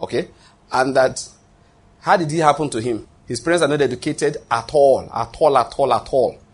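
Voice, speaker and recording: A man's voice: medium pitch, normal speed, breathy edge. A male pastor preaching a sermon, emphatic and repetitive, often restarting phrases and asking his listeners if they follow. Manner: repetitive, emphatic, with frequent restarts and rhetorical questions.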